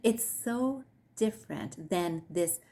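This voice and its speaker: A woman hosting her own wellness channel, telling a parable to her viewers in a gentle, measured way. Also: fairly low pitch, expressive. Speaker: host of a mindfulness and grief channel. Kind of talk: storytelling talk to camera.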